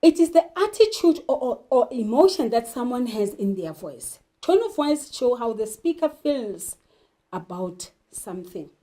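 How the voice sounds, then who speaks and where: A woman teacher explaining poetry and literature terms, slowly asking questions and answering them herself. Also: on the high side, big pitch swings, dark tone. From South Africa. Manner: slow, deliberate, poses questions then answers them. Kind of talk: literature lesson.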